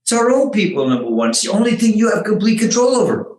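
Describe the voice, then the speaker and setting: An older man, a former tech executive, telling lively stories in an interview, laughing at his own anecdotes and acting out the quotes. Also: sits high, fast, roomy sound, low-quality recording.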